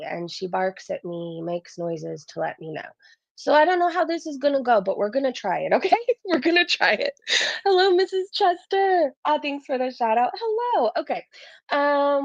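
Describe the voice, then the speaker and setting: Woman, livestream host, bubbly casual chat, higher voice, dry lo-fi audio. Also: gravelly, darkish tone, no echo. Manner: bubbly, greets chatters by name.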